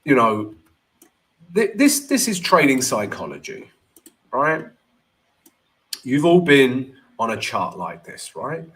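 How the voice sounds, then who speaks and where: A man's voice: medium pitch, very animated, slow pace, pauses often, a bit bright. A man hosting a live trading stream, talking casually and with energy, and often checking in with "right?".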